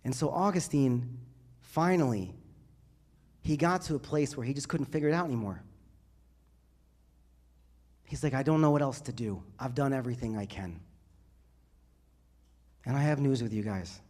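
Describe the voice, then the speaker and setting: A man preaches to young people in a church, speaking as their priest. His voice sits at an ordinary middle pitch, and he builds his points through repeated phrases that grow louder and higher. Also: moderate pace, pauses often. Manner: builds to loud, rising emphasis in repeated phrases. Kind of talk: sermon to a youth group.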